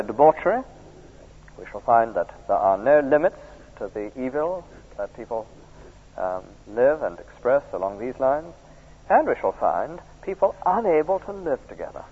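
Middle-aged man, sermon, husky voice, long church echo. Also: mid-range voice. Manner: keeps drawing in listeners with tag questions. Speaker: preacher. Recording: tinny archive recording in a reverberant church.

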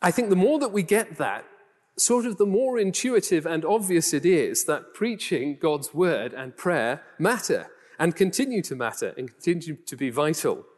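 Male preacher, softened Geordie accent, slightly higher voice, chatty sermon delivery, long hall reverb. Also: lively intonation, normal speed. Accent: Geordie, toned down. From Newcastle, England. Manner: conversational, rhetorical questions, self-deprecating asides.

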